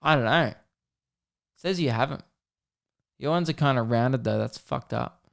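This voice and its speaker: Rambling Australian man, smooth voice. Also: medium pitch, moderate pace. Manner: rambling, jokey, swears casually. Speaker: podcast host. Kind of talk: casual solo podcast chat.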